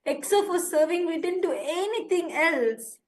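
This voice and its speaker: A woman's voice: very high-pitched, animated, unhurried. A woman presenting an urgent live-streamed appeal, impassioned, pleading and indignant.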